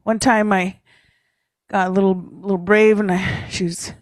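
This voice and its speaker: Self-mocking woman, storytelling talk, unhurried with a mid-range pitch. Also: little pitch movement, dry recording. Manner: chatty, self-mocking, laughs often, tags lines with "eh?". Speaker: speaker at a leaders' caucus.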